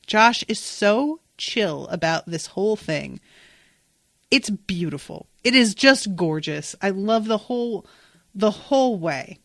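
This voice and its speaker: A woman's voice: medium pitch, expressive, slow pace, no room sound, clean studio sound. A woman hosting a podcast, recapping an episode in casual, enthusiastic, emphatic chat with some swearing. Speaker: podcast host.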